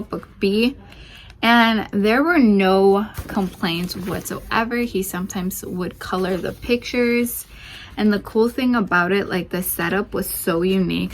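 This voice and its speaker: A young woman talks through her homeschool picks in a loose, chatty way, full of "um"s and restarts and sounding slightly out of breath. Her voice sits at an ordinary middle pitch. A faint hiss of noise sits under her at home. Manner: chatty, many fillers and restarts. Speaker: homeschooling mom channel host. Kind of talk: casual curriculum review.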